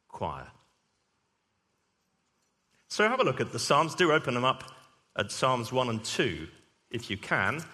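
A man's voice: medium pitch, sharp tone. A man, a vicar, preaching a sermon and telling a humorous story. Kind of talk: sermon with anecdote. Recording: long hall reverb.

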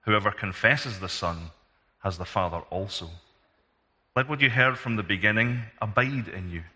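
A man with a Scottish accent reading scripture aloud in a steady, measured way in a church. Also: fairly low pitch. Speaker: scripture reader. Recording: long hall reverb.

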